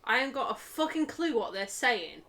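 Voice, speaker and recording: A woman's voice: a little high, big pitch swings, moderate pace, creaky, bright, forceful tone. Sweary Yorkshire woman chatting on stream. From northern England. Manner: sweary, laughing, rambling with fillers. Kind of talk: casual stream chat.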